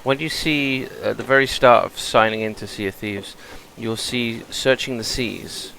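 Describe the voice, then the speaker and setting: A man's voice: medium pitch, fairly even intonation, measured pace, vocal fry, sharp tone, a little hiss or hum, rough recording. A British man giving chatty gameplay commentary, explaining game mechanics as he plays. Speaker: gameplay streamer.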